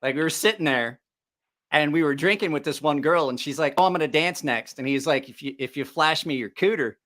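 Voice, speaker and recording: A man's voice: a little high, a little fast, a bit bright. A middle-aged man hosting a live stream, telling a rambling, profane story with lots of laughter. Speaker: livestream host.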